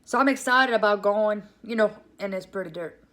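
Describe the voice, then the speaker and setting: A woman with a Cajun Louisiana accent telling a comic story in a casual, animated way, calling her listeners "y'all". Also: mid-range voice, normal speed, slight background noise.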